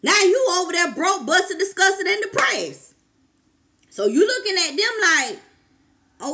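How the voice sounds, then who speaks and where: A woman's voice: extremely high pitch, lively intonation, normal speed, sharp tone. A woman life coach, preaching to camera with fervent, repetitive exhortations and calls of "come on, somebody".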